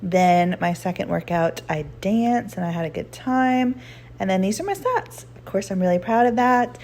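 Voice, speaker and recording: A chatty woman with a drawl talks straight to her viewers, upbeat and easygoing. Her voice sits in a middle pitch, and now and then she sounds a bit winded from walking. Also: expressive, normal speed, darkish tone. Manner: chatty and upbeat, says "y'all" and "girl". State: out of breath while walking. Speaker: weight-loss vlogger. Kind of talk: casual chat to camera.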